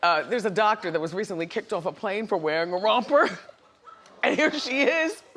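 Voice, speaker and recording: A woman's voice: mid-range voice, lively intonation, moderate pace, noisy background. A woman hosting a talk show, chatting playfully and laughing often with her studio audience.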